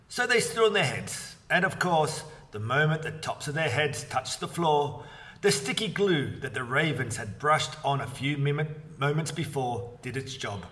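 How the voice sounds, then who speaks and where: A man's voice: a little high, expressive, measured pace, pushed and bright, distant mic. A man reading a children's book aloud expressively. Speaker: story reader.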